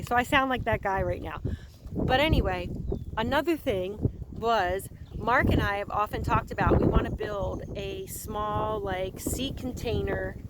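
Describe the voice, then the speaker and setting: A woman's voice: mid-range voice, background noise. A woman chatting casually for her vlog outdoors on a farm pasture, cooing at her animals as she goes. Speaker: horse owner and vlogger.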